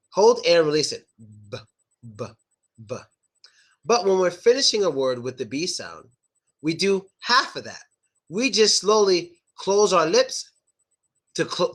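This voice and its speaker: A young man teaching English pronunciation, repeating words slowly and exaggerating the sounds. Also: high-pitched, sharp tone. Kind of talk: online pronunciation lesson.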